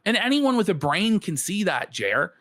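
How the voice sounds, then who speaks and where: A man's voice: high voice, sing-song, moderate pace, fairly bright tone, no room sound. Male commentator, scornful rant, dry close mic. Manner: scornful, ranting. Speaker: co-host. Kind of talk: reaction commentary.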